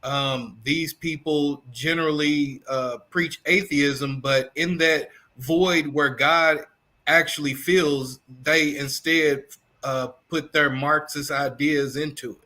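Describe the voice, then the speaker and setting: A man from Kentucky with a Southern accent, a guest teacher answering in a measured, thoughtful way on a video call. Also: fairly high pitch, fairly even intonation, sharp tone. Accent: Southern American. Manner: measured, thoughtful, many fillers. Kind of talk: interview answers.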